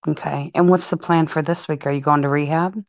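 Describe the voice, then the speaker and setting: Very low-voiced woman caller, dry sound. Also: brisk, no echo. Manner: calm, probing, hesitant with fillers. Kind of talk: casual voice chat.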